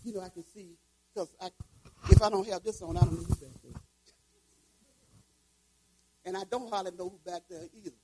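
A woman in her seventies preaching, telling a folksy personal story and breaking into fervent shouts of praise. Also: fairly low pitch, fairly even intonation, moderate pace, pauses often, noisy background. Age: 70s. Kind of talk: sermon testimony and prayer.

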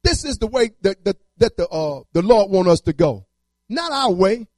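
Male preacher, very high voice, repetitive rhythmic delivery, dry close sound. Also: sing-song, normal speed, a little mellow, no room sound. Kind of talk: sermon.

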